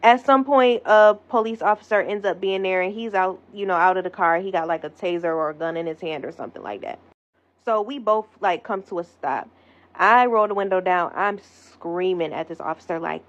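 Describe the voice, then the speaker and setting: A young woman telling a wild storytime in an animated, profane manner, acting out the voices she quotes. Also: lowish voice, moderate pace. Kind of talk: storytime monologue. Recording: slightly dull lo-fi audio.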